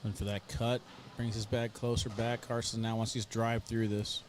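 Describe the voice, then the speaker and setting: A man's voice: fairly low pitch, little pitch movement, normal speed, a little hiss or hum. A man giving live play-by-play commentary on a cornhole match, chatty and joking between plays. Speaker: sports commentator.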